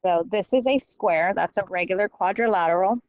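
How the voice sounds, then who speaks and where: A woman teacher explaining a math lesson step by step, often pausing to check with "okay?". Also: mid-range voice, a little mellow, no room sound, dull audio. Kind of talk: recorded classroom lecture.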